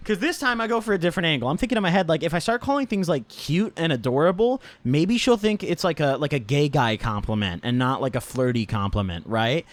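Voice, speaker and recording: A man's voice: fairly high pitch, expressive, fast talker, few pauses, no room sound. A young man telling a casual storytime in a slangy manner, swearing often and tagging lines with "right?" and "dude". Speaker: vlogger.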